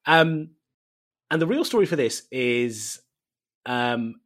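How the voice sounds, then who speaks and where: A man from East London, a native Bengali speaker, telling animated, self-mocking stories as a guest in a casual interview. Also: medium pitch, takes it slowly. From East London, England. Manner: animated storytelling, laughs often, self-mocking.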